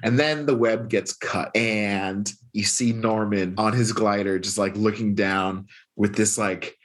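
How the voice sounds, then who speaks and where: A man's voice: on the low side, fairly even intonation, a little slow. A man casually recapping a story on a podcast, chatty, laughing often and swearing freely. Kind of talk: casual comic book recap.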